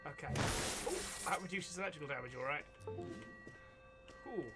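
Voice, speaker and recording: A man's voice: a little high, normal speed. A man streaming a video game live, chatting and laughing through rambling commentary on his play. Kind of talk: casual live-stream chat. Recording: game music under the voice.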